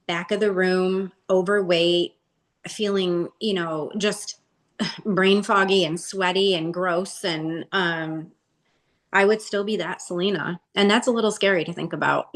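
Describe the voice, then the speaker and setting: A woman's voice: lowish voice, a bit bright. A woman guest candidly telling her personal story in a chatty way, with lots of "like" in her speech. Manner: chatty, heavy use of "like".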